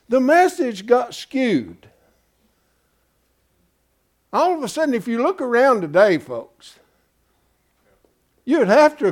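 A pastor preaching in an emphatic, folksy way, asking his congregation rhetorical questions. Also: extremely high pitch. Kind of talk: sermon.

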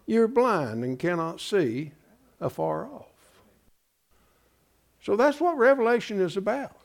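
A man's voice: high voice, expressive, slow, creaky. A pastor preaching in an emphatic, folksy way, asking his congregation rhetorical questions. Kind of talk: sermon.

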